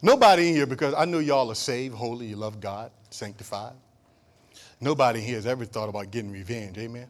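A male pastor preaching a sermon, dropping to quiet asides, then rising to shouted emphasis with jokes and call-and-response to the congregation. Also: mid-range voice, a little fast. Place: church.

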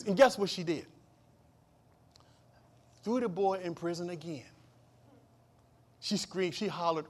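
A male pastor preaching a sermon, calling out for amens and swinging from loud outbursts to low hushed asides. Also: a little slow, long pauses. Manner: repeats and restarts phrases, calls for amen.

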